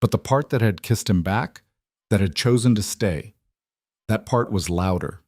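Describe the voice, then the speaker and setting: Low-voiced male story narrator. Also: expressive, moderate pace, a little mellow, no echo, clean studio sound. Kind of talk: scripted romance narration.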